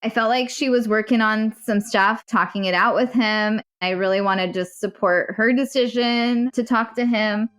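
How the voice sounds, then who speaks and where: A woman's voice: medium pitch, fairly bright tone. A woman telling her own story as a guest: earnest, emotional, and swearing now and then. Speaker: guest recounting a personal story. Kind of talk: candid storytelling.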